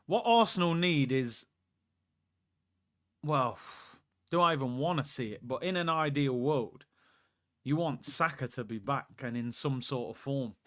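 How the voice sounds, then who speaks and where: A young man hosting a live football watchalong, chatting excitably, reacting to the match and answering viewer questions. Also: mid-range voice.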